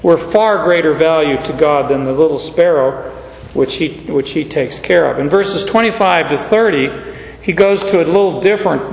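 A pastor giving a conversational sermon, folksy, with homey asides and frequent restarts. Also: male voice, fairly high pitch. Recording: echoey hall, slightly dull sound.

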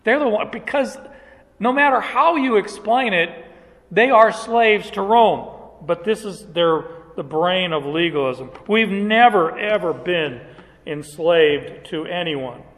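A man with a high voice preaches slowly and emphatically through a passage, verse by verse. His words ring with a long reverb. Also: lively intonation, a bit bright. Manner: emphatic, deliberate verse-by-verse teaching. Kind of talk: expository sermon.

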